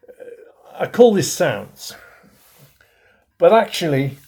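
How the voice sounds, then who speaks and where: A middle-aged man teaches with deliberate, unhurried pacing, leaning hard on key words before dropping his voice. His tone is husky, with a gravelly fry under it. He speaks as a bishop giving a lesson on communication. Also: a little high, sing-song. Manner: emphatic, stresses key words with pauses and swings in loudness. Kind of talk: recorded teaching talk.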